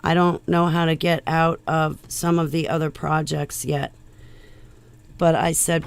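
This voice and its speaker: A woman vlogger talking loudly in a rambling monologue that jumps from one tangent to the next. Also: deep voice, flat delivery, a little slow, gravelly, smooth. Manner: loud, rambling, jumps between topics.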